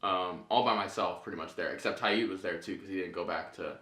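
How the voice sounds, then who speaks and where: Young man, casual podcast chat, blunt, swears a lot, bright sharp voice, roomy echo. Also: deep voice, brisk. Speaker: podcast co-host.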